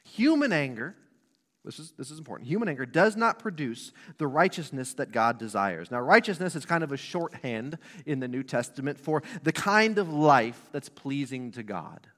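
A man's voice: fairly high pitch, sing-song, a little fast, fairly bright tone. A man in his thirties preaching a sermon to a church congregation, conversational and asking the room questions. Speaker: pastor. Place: church sanctuary. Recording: long reverb of a hall.

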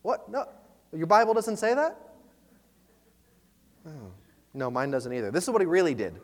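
A man preaching a sermon, retelling a story with lively, animated delivery and frequent restarts. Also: a little high, normal speed, long pauses, long reverb tail. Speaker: pastor. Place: church sanctuary.

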